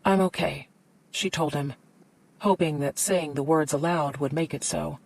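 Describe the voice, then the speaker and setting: A woman narrating an audiobook in a measured, even storytelling manner. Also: low-pitched. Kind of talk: scripted narration.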